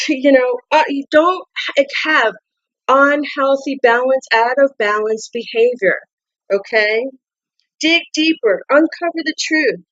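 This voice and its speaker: High-voiced woman giving a tarot reading. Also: fairly bright tone, highs cut off. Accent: non-native English accent. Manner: repetitive, restarts words, coaxing questions. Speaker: tarot card reader. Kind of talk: casual tarot reading to camera.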